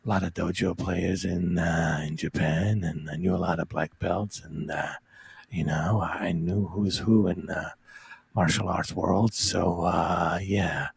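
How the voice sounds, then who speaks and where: A man doing a boastful tough-guy martial arts movie star impression in a hushed, mumbling voice full of drawn-out pauses. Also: steady tone, vocal fry, breathy edge, heavily acted. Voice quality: low hushed murmur, drawn-out uh's.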